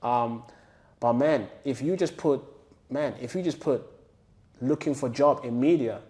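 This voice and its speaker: A man imitating a friendly Venezuelan chef, with a put-on Venezuelan accent, speaking softly and unhurriedly. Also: mid-range voice, a little slow, close to an everyday voice. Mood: encouraging. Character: friendly Venezuelan male chef giving advice.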